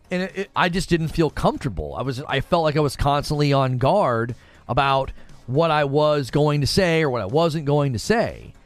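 A man's voice: a little high, expressive, normal speed, soft background music. A young adult man hosting a gaming news show, talking casually and animatedly on a livestream and answering chat.

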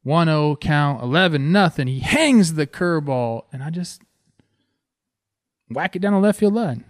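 A man in his thirties from Southern California, a former pro ballplayer telling a story with excitement as he talks over game footage. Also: a little high, a little slow, no room sound, clean studio sound. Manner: excited and animated, says "man" a lot. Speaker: former pro baseball player hosting a video series.

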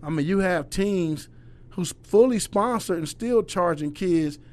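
A middle-aged man, a youth basketball coach, telling stories in casual conversation, profane and animated, acting out the voices of the people he quotes. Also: sits high, a little slow.

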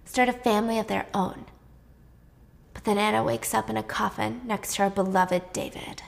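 A woman casually retelling a drama's plot, chatty and lively, raising her voice when she acts out the characters' lines. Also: normal speed, creaky. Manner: chatty, acts out dialogue with raised pitch. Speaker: drama recap narrator. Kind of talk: casual storytelling recap.

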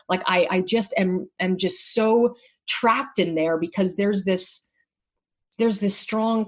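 A middle-aged woman candidly sharing her personal story in an emotional conversation, halting and restarting often. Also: mid-range voice.

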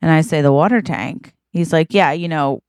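A woman's voice: low voice, normal speed, a little mellow, no room sound, studio quality. A woman co-hosting a podcast, telling an improvised comic story and acting out the characters' lines. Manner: acts out characters' quoted lines. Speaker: podcast co-host.

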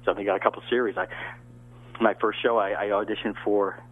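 A man's voice: on the low side, fast, breathy edge. Older man rambling over a tinny line. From American South. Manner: rambling, lively anecdotes with many restarts. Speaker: actor, guest. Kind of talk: casual interview storytelling.

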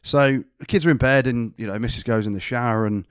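A man's voice: medium pitch, quick pace, clear, resonant tone, no room sound. Cheeky man telling anecdotes, dry sound. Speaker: podcast co-host. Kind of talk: casual chat.

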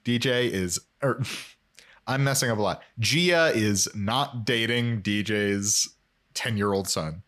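A man hosting a casual podcast, wryly recapping an episode's plot with quick quoted asides. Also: on the low side, a bit bright. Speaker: podcast host.

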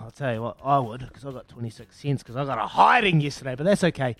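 A man's voice: medium pitch, expressive, fast, hardly any pauses, a bit bright, faint music behind. A man hosting a breakfast radio quiz, upbeat and matey, counting down answers. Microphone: studio mic.

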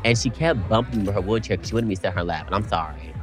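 A young man from North Carolina, co-hosting a podcast with brash, animated storytelling. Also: on the low side, racing, music in the background. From North Carolina, USA. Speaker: podcast co-host. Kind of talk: casual chat.

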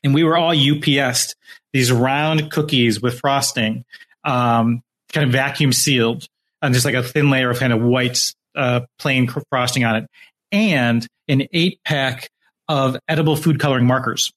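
Man, podcast co-host, rambling, halting, casual chat. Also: medium pitch, fairly even intonation, fairly bright tone. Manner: rambling, halting, full of restarts.

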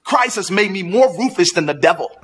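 A man's voice: sits high, expressive, a little fast, fairly bright tone, husky. A preacher ranting angrily at his viewers in a combative, commanding way. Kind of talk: angry live-stream rant.

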